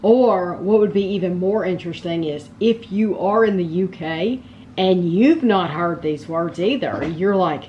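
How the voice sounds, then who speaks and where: A woman's voice: fairly low pitch, a little mellow, highs cut off, a little hiss or hum. A woman chatting casually to her vlog audience, rambling along with frequent ums and restarts. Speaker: vlogger. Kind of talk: casual chat to camera.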